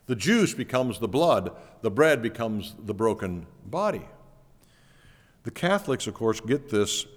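A man's voice: lowish voice, sing-song, a little slow. Man preaching in a reverberant church hall. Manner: earnest teaching, emphatic repetition. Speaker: pastor. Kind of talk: sermon.

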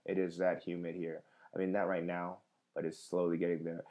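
A comedian in his thirties talks loosely to his viewers, stopping and restarting with lots of fillers. His voice sits low and sounds mellow and unhurried. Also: completely flat delivery. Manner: rambling, many fillers and restarts. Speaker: comedian hosting a livestream podcast. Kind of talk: casual live chat reading viewer comments.

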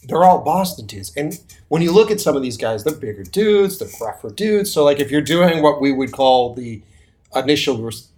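A man's voice: medium pitch, moderate pace. A man from the US East Coast hosting a podcast, telling stories in casual chat with lots of swearing. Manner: animated, profane storytelling. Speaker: podcast host.

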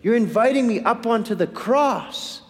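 Speaking at normal speed in a very high voice, a preacher addresses his church, the reverb of the hall audible around him. He puts questions to the congregation with lively energy and responds to them on his own.

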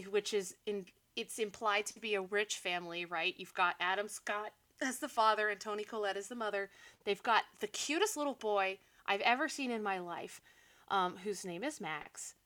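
A woman's voice: medium pitch, normal speed, bright, forceful tone. A young woman co-hosting a podcast, animatedly recapping a movie with sarcastic asides and frequent laughs. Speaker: podcast co-host. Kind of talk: casual movie recap chat.

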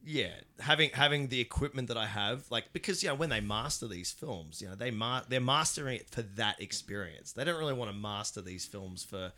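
A man hosts a casual film chat with a lively, swooping voice. His tone is bright and he rambles through restarts. He laughs easily between thoughts. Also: medium pitch, a little fast, hardly any pauses. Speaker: podcast co-host.

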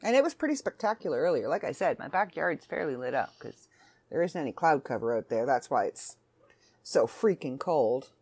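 Low-voiced woman rambling on her podcast. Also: sing-song, normal speed, darkish tone, slightly rough. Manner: rambling, self-interrupting, chatty. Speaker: podcast host. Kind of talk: casual solo podcast chat. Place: home.

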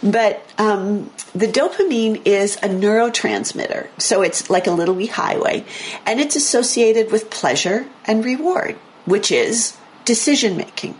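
A woman hosting a radio talk show, explaining brain science in a chatty, self-correcting way, her voice a little hoarse. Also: mid-range voice, measured pace, slight background noise. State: slightly hoarse, losing her voice. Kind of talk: casual talk radio chat. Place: radio studio.

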